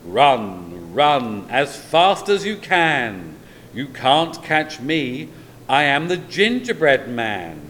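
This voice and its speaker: A man putting on a boastful little gingerbread man who chants in a raised, sing-song voice with loud, lively bounce. He taunts his chasers as he runs in a storybook tale. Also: mid-range voice, extremely slow, in a large hall, a little hiss or hum, pitched above the performer's own voice, full character voice. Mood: taunting. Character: cheeky runaway gingerbread man, small, boastful.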